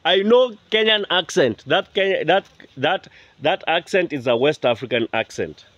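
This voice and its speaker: A man vlogging outdoors on his rural land, talking to viewers in an animated, indignant way and often repeating himself. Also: fairly high pitch, normal speed, no room sound, dull audio. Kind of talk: casual vlog talk to viewers.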